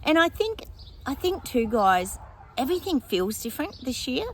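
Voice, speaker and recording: A woman's voice: high-pitched, big pitch swings, moderate pace, a little hiss or hum. Rambling chatty woman psychic. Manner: rambling, chatty, thinks aloud with many fillers; laughs often. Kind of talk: casual predictions monologue to viewers.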